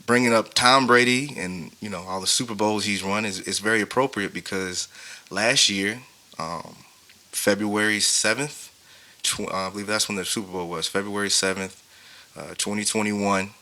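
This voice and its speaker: A man's voice: low-pitched, pushed and bright. A man in his thirties, a podcast host, telling a painful personal story in a casual, heartfelt way, with many fillers. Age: 30s. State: tearful, grieving.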